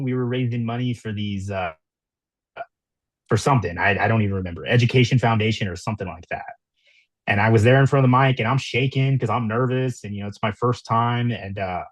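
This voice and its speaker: A man's voice: mid-range voice, dry recording. A man telling stories as a podcast guest, laughing easily and filling his talk with ums. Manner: storytelling, laughs easily, many fillers. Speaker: guest, wrestler and former news reporter. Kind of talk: casual interview chat.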